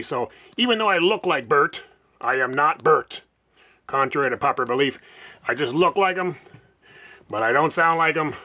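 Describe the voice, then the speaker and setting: A snarky, floppy-armed puppet host, as a man puts him on for a homemade comedy vlog. He rambles along and keeps needling his producer with sarcastic jabs. The voice sits a bit high and comes out sharp and tense.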